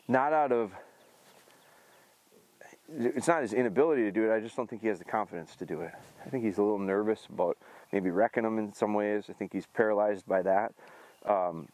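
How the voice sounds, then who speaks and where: A middle-aged man training a hunting dog outdoors, explaining his approach in a relaxed way between short commands. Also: no echo. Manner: high excited praise to the dog. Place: outdoors in a field.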